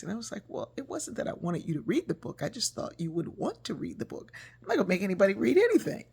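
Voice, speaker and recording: A woman author telling a personal story in a casual, animated way, acting out the voices she quotes. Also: on the low side, brisk, gravelly, breathy edge.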